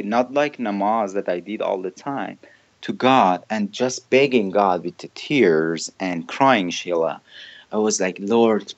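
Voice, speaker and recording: A man's voice: on the low side, highs cut off. Earnest man with an Iranian accent. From Iran. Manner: earnest, simple non-native phrasing, chuckles now and then. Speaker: pastor, guest. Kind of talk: personal testimony in conversation.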